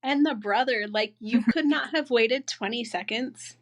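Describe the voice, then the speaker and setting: A woman's voice: a little high, unhurried. A woman guest in a casual podcast chat, speaking in an exasperated, questioning way.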